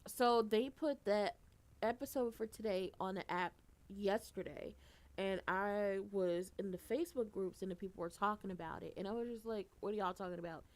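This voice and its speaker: A woman giving a casual, animated recap, blunt and profane, and she gets loud for emphasis. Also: mid-range voice, moderate pace. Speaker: soap opera recapper.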